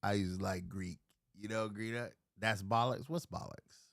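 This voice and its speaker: A man on a casual livestream, drinking while he chats. He rants in profane, rambling bursts, swinging from loud outbursts to low mutters, speaking from home. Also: fairly even intonation, a little slow, gravelly, no echo, clean studio sound. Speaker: live streamer. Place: at home near a refrigerator.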